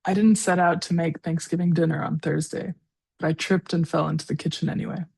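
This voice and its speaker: A woman's voice: fairly low pitch, level tone, fairly quick, creaky, a little mellow, slightly rough. A woman in her forties, a guest writer, reading her own personal essay aloud with a tender, darkly funny touch. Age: 40s.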